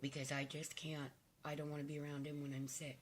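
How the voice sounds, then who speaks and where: An older woman vlogging to camera, hoarse and raspy from losing her voice, talking in a rambling, heartfelt way with hesitant fillers. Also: low voice, little pitch movement, fairly quick, slight background noise. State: hoarse, nearly lost voice. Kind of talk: casual to-camera chat.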